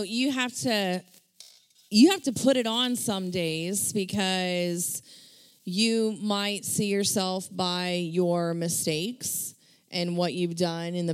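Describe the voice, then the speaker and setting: A woman's voice: on the low side, clear, resonant tone, dry recording. A woman in a casual church discussion, speaking earnestly and encouragingly about finding strength in scripture.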